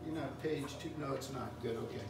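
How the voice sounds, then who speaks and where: An older man hosting an open mic, and singing there too, chats casually and pokes fun at himself between songs. His medium-pitched voice is a little mellow and a little fast, with slight background noise. The recording sounds roomy from a distant mic, guitar behind.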